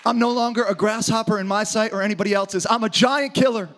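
A man preaching an energetic sermon to a church audience, often shouting for emphasis. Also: high voice, quick pace, a faint crowd. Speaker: pastor. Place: church auditorium with live audience.

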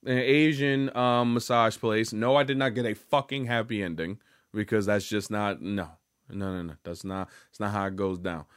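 A young vlogger tells a story to the camera in a lowish, steady voice at normal speed, his tone clear and resonant. The studio-quality audio has no echo, and his casual monologue rambles along with swearing, false starts and filler words.

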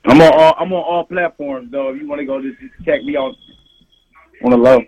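A man calls in to a radio show and talks fast in a laid-back way. His voice comes through husky over a phone line. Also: mid-range voice, darkish tone. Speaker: caller.

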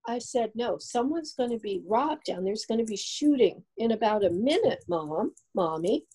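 Older woman from New Jersey, outgoing storyteller, husky dark voice. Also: on the high side, normal speed, few pauses, rough recording. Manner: chatty, animated storyteller. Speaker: psychic guest. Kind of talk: casual interview storytelling.

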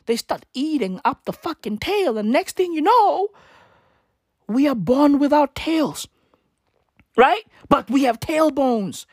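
A woman's voice: expressive, slow pace, darkish tone, no echo, clean studio sound. Profane, mocking woman ranting. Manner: profane, mocking, with exaggerated pitch swings. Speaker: vlogger. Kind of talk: profane comedic rant.

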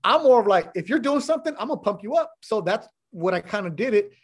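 A man's voice: sits high, sing-song, quick pace, slightly rough. A middle-aged man, a sports broadcaster, chatting as a podcast guest, telling stories bluntly and with animation, swearing now and then. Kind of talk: casual chat.

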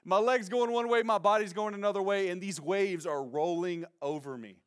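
A young man preaching a sermon, telling a story with lively slang, acting out quotes and shouting them out at times. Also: high-pitched, moderate pace, smooth. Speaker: pastor.

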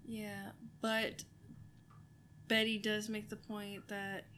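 A woman co-hosting a casual rewatch podcast, relaxed and hesitant with fillers. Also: mid-range voice, slow pace. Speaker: podcast co-host.

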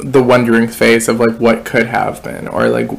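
A woman co-hosting a casual chat, cutting in with quick teasing remarks. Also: rumbling low, big pitch swings, gravelly.

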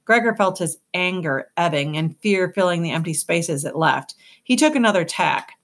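A woman giving a measured, steady scripted narration of an audiobook. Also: on the low side.

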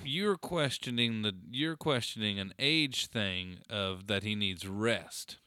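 A man's voice: on the low side, takes it slowly, pushed and bright, clean tone, no room sound, studio quality. A man co-hosting a podcast in casual banter, joking and laughing often, sometimes slipping into silly voices. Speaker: podcast co-host.

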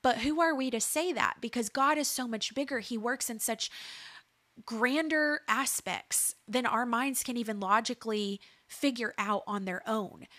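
A woman's voice: fairly high pitch, unhurried, a bit bright, no echo. A woman in her thirties giving an earnest preaching testimony, building emphasis through repeated phrases. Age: 30s. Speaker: speaker sharing a faith testimony.

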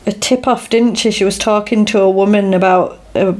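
A woman's voice: medium pitch, fairly even intonation, normal speed, darkish tone. A woman in casual chat, animatedly retelling a film scene by scene and acting out the characters' lines.

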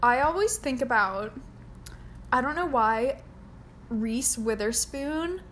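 A woman's voice: on the high side, lively intonation, takes it slowly, a bit bright, a little hiss or hum. A young woman co-hosting a casual podcast chat, giggly and playful as she tries out accents. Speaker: podcast co-host.

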